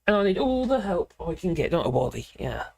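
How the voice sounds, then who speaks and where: A man's voice: high voice, very animated, brisk, gravelly, crowd noise. A man hosting a casual livestream, chatting and rambling through viewer comments in an opinionated way from home. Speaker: livestream host.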